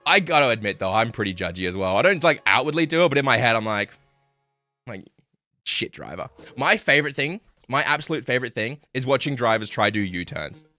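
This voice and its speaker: A man's voice: medium pitch, animated, quick pace, sharp tone, no room sound, soft background music. A young man telling stories on a live stream, swearing and laughing as he chats with viewers. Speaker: livestreamer. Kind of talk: casual live-stream storytelling.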